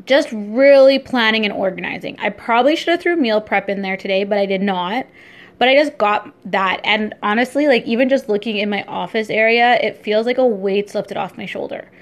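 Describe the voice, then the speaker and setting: A young woman vlogger and entrepreneur talking casually in a daily vlog, upbeat, chatty and easily excited. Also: mid-range voice.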